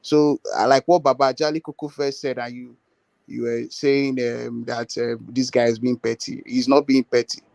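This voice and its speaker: Gravelly, earnest man. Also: medium pitch, flat delivery, normal speed, darkish tone, no room sound. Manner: earnest, repeats words, many fillers. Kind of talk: casual political discussion.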